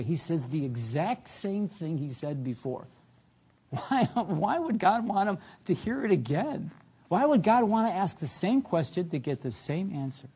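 A man preaching a sermon as pastor, reading scripture aloud with rising emphasis, then dropping low and soft to reflect on it. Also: husky.

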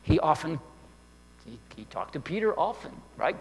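A man's voice: fairly high pitch, very animated, normal speed, vocal fry. A man preaching a sermon in a conversational way, often checking in with listeners and restarting his sentences. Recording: long hall reverb with faint hum.

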